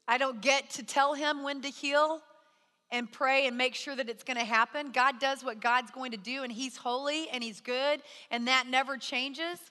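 A woman's voice: high-pitched, steady tone, normal speed, bright, forceful tone, in a large hall. A middle-aged woman preaching a sermon, telling a personal story in an earnest, conversational way with frequent restarts. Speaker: speaker at a church.

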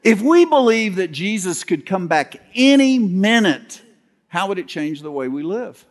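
A man who is a pastor, preaching a sermon with folksy storytelling, humor, and some halting restarts. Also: high voice, big pitch swings. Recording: long hall reverb.

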